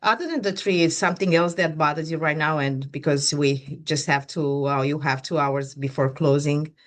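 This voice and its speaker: Brief: female agent in a practice role-play, lower voice, hesitant. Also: fairly even intonation, normal speed. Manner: hesitant, many fillers.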